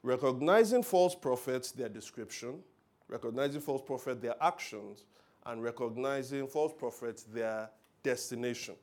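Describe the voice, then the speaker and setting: A man preaching a sermon, telling stories with loud emphatic bursts and quiet asides. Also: mid-range voice, animated, moderate pace. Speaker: pastor.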